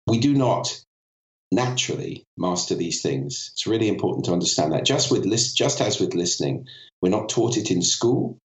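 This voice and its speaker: A man's voice: on the low side, lively intonation, normal speed, roomy sound, low-quality recording. A man with a cold, a voice and communication expert, explaining articulately as a podcast guest and demonstrating vocal effects as he goes. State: has a cold. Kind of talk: explanatory interview talk.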